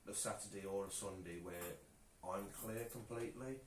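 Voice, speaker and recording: A man's voice: lowish voice, steady tone, moderate pace. A man co-hosting a live stream in casual chat, joking and bantering with his partner. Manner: joking, banters and slips into silly voices. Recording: echoey room with faint noise.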